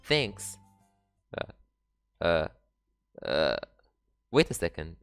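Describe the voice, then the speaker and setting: A man commentating a game as he reads it aloud, jokey and prone to swearing. His pitch bounces all over the place, with faint music playing under him. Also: animated, moderate pace, no echo, clean studio sound. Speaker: let's player.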